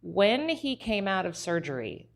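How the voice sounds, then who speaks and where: A woman's voice: medium pitch, big pitch swings, unhurried, gravelly. A middle-aged woman hosting a podcast, telling a candid personal story and laughing at herself now and then. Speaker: podcast host.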